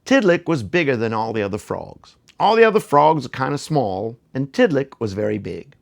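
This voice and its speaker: A man's voice: medium pitch, big pitch swings, normal speed, creaky. A man telling a folk tale to children, playful and theatrical, speaking straight to the audience. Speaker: children's storyteller. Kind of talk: animated storytelling for children.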